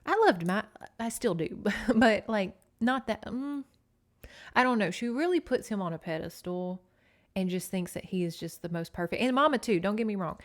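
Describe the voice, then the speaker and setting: A woman's voice: medium pitch, animated, moderate pace. A woman with a Southern US accent hosting a podcast, recapping a book in a chatty, sarcastic way full of asides. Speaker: podcast host.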